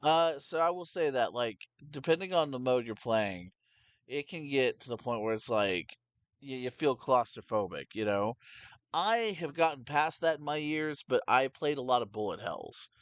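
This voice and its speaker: A man's voice: medium pitch, normal speed, smooth, no echo. Rambling young man, close dry mic. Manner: rambling, animated, many restarts. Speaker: podcast co-host. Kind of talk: casual gaming chat.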